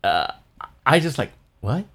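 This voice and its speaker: A man, a priest co-hosting a church podcast, telling a childhood story in casual chat with lively quoted voices. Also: normal speed, creaky. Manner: animated storyteller, jumps high for quoted voices.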